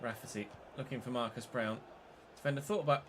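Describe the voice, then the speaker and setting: A man's voice: medium pitch, fairly even intonation, fast, background noise. A man giving live, mock match commentary while playing a football game, swearing when frustrated.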